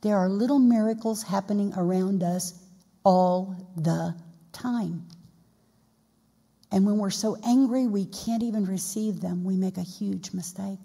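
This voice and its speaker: In a church sanctuary with long hall reverb, a woman pastor preaches a sermon. Her mid-range voice is mellow, with vocal fry and a breathy edge, and her delivery is folksy and conversational, full of playful asides.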